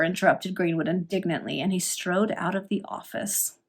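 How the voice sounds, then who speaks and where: A woman reading a Victorian serial novel aloud, storytelling with lively emphasis. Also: fairly low pitch, normal speed, vocal fry, breathy edge. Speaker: reader.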